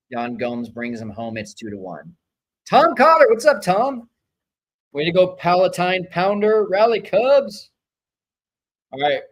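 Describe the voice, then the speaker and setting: A man's voice: mid-range voice, rough recording. A man hosting a live baseball watch-along stream, cheering, griping about players and reading out viewer chat messages. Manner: excitable, swings from cheering to griping; reads out viewer chat names. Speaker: live stream host reacting to a baseball game.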